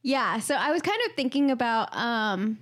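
An American woman co-hosting a podcast, animated and giggly as she retells funny stories. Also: on the high side, moderate pace. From United States. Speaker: podcast co-host. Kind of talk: casual chat.

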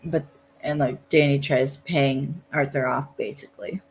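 Podcast host, unhurried gravelly delivery, rambling casual recap with blunt swearing. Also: medium pitch, steady tone, a little hiss or hum, poor audio. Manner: loose, lots of "like", blunt swearing. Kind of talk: casual chat recapping a TV episode.

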